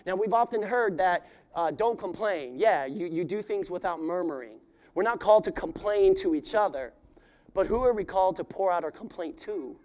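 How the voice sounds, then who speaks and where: High-voiced pastor preaching with surging intensity. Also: male voice, animated, normal speed. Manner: voices prayers in rising, pleading cries, then drops to quiet appeals; addresses the congregation directly. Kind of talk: sermon.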